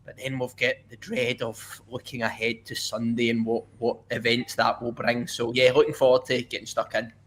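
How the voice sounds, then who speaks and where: A man's voice: medium pitch, little pitch movement, moderate pace, few pauses, fairly bright tone, slight background noise. A man chatting as a guest on a football podcast, upbeat and friendly. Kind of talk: casual football chat.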